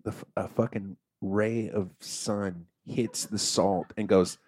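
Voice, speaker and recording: A man telling a comic story in a loose, profane, animated way, acting out the characters. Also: on the low side, slow pace, husky, dry recording, clean studio sound. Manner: profane, animated, acts out voices.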